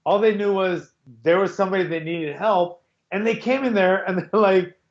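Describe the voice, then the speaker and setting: A man's voice: high voice, normal speed. Rambling man on an echoey call. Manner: rambling storyteller with many restarts. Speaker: podcast host. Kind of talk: casual chat. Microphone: video call. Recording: echoey, dull call audio.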